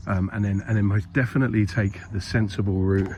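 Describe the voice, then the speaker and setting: Fairly low in pitch, steady and brisk, this man's darkish voice comes through with the highs cut off and a little hiss or hum. He's vlogging casually on a hilltop by a graveyard at a historic site, out of breath, rambling, chatty and self-mocking as birds sing.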